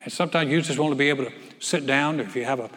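A man's voice: mid-range voice, rapid-fire, a bit bright, long reverb tail. A male pastor preaching a conversational sermon, often repeating words and asking the congregation questions.

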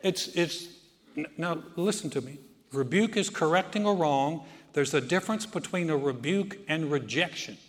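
A man preaching, his voice on the high side as it rings through a reverberant church hall. He talks to the congregation in a folksy way and drops to a hushed tone for his stories. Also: lively intonation, moderate pace. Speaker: pastor. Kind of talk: sermon.

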